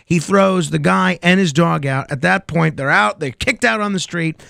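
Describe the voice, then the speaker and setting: A man hosting a late-night call-in radio show, his voice gravelly and a touch high, recorded close and dry. He spins jokes in a chatty way and laughs along with his callers. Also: moderate pace, few pauses, sharp tone, no echo. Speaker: radio host.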